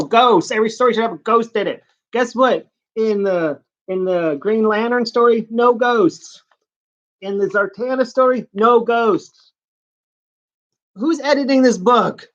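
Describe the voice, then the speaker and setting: A man's voice: high-pitched, dull audio. A man giving a casual, sarcastic comic book review, rambling with mocking asides.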